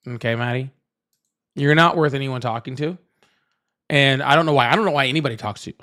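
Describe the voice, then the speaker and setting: Hosting a live political debate stream, a man with a medium-pitched, sharp-toned voice speaks quickly as he chats and rambles to his viewers. He repeats himself and talks straight to the chat in this casual livestream conversation.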